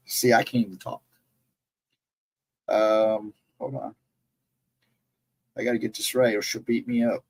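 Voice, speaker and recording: A man chatting on a livestream and greeting viewers by name, in a rambling casual way, his voice hoarse and cracking from laryngitis. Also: mid-range voice, measured pace, long pauses, poor audio. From central Ohio, United States. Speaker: livestream co-host.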